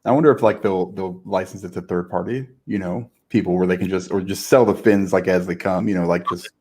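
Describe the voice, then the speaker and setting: Man, slightly low voice, podcast co-host, casual chat, easygoing, agreeable. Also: steady tone, a little mellow, breathy edge. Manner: easygoing, agreeable, quick back-and-forth.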